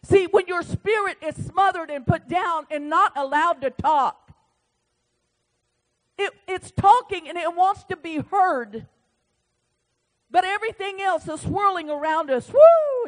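A woman preacher delivering an impassioned sermon that swings between hushed, quiet passages and loud shouting, acting out conversations with God. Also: very high voice. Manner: acts out dialogue with God.

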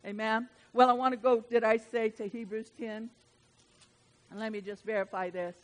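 A woman's voice: fairly high pitch, flat delivery, normal speed. A woman preacher delivering a sermon in an emphatic, conversational way, repeating her points.

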